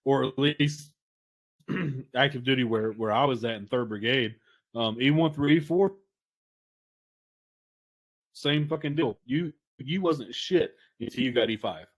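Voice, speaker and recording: A man's voice: mid-range voice, measured pace, long pauses. A man hosting a casual talk with a guest, laid back and profane, laughing along with the stories. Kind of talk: casual chat.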